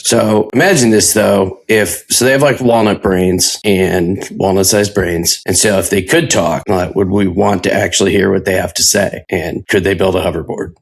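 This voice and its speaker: Deep, gravelly-voiced tired man. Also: fairly even intonation, normal speed, few pauses, rough recording. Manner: dry, questioning, tired-sounding. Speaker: podcast co-host. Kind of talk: casual chat.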